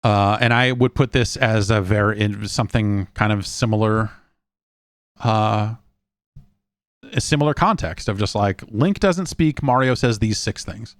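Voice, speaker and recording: Brief: male podcast host, lowish voice, loose and wry, lots of ums, dry close mic. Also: a little slow, dry recording. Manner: rambling, wry, with many fillers and restarts. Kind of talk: casual chat.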